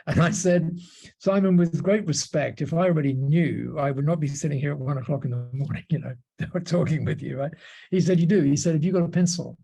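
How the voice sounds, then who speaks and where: A man telling stories as a podcast guest. His voice is gravelly and mellow, and sits a bit high for a man. He rambles through his anecdotes with plenty of restarts. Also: brisk. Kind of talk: storytelling in a podcast interview.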